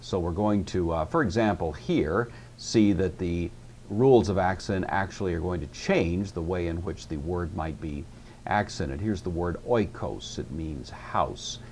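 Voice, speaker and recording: Deep-voiced man giving a patient lecture. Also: unhurried, darkish tone, a little hiss or hum. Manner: patient, explanatory, with frequent "you see" and "uh". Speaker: Greek teacher. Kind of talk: recorded classroom lecture.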